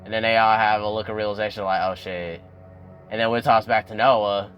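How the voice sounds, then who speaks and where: A young man with a drawl talks through a TV episode for his viewers in a loose, chatty recap. His voice sits low but jumps up when something excites him. Faint music plays quietly underneath. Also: brisk, lo-fi sound. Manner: animated, addresses viewers as y'all, swings up in pitch when excited. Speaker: YouTube recap host.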